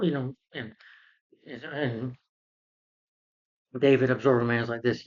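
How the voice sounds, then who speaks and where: A man's voice: medium pitch, steady tone, unhurried, pauses often, darkish tone, highs cut off. A man giving a casual, rambling film review, retelling scenes and acting out characters.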